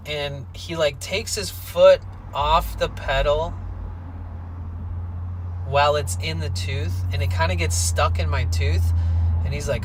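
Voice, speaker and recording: Man in his thirties, a bit higher-pitched, animated outdoor storyteller who swears freely, faint background noise, casual vlog. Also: rough recording. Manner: animated, swears freely, quotes people in rapid bursts. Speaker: vlogger telling a story. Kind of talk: casual storytelling while hiking. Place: outdoors on a coastal trail.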